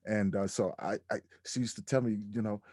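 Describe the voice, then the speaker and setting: Deep-voiced man telling his story. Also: fairly quick, dry recording, studio quality. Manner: reflective, animated when quoting others. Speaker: podcast guest. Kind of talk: candid storytelling interview.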